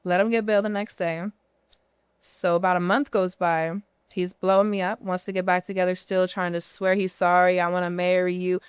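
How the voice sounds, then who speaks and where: Philly woman in her thirties, podcast guest, lowish voice, very smooth and dry, blunt and profane storyteller. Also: level tone, normal speed, dry recording. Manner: candid and profane, tells her story at length. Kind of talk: casual storytelling interview.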